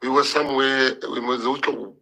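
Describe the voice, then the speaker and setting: Husky, emotional man. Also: mid-range voice, fairly even intonation, bright, forceful tone, poor audio. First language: Afrikaans. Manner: emotional, halting, repeats words. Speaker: politician. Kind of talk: impassioned public address.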